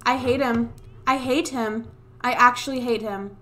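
Playing a game on a USB desk mic, a Let's Play gamer gives casual, exasperated commentary, swearing and scolding the characters on screen. Her voice is on the high side, pushed and bright, with fairly even intonation and a measured pace.

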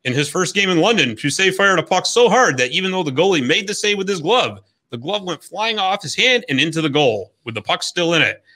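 A man's voice: high-pitched, very animated, a little fast, hardly any pauses, bright, forceful tone. A man hosting a hockey podcast, reading a scripted history segment in an upbeat, jokey storytelling way. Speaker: podcast host.

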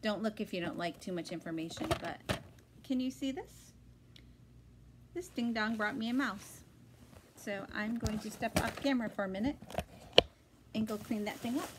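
A woman chatting casually at home in her vlog, excitable and talkative, her voice jumping high when she is thrilled. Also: normal speed, pauses often, heavy background noise. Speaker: vlogger. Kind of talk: casual chat.

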